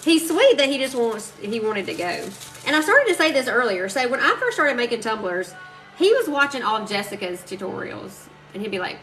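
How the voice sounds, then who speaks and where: Chatty woman crafter, bright voice. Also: on the high side, creaky, rough recording. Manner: chatty, rambling storyteller, addresses viewers as y'all. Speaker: crafter hosting a live stream. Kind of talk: casual chat while crafting. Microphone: phone live stream.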